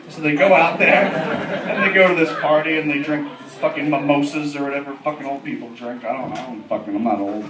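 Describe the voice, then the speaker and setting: A man's voice: a little high, quick pace. A man doing a stand-up comedy set, brash and profane, laughing through his lines. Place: comedy club. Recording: echoey club, distant mic, loud crowd.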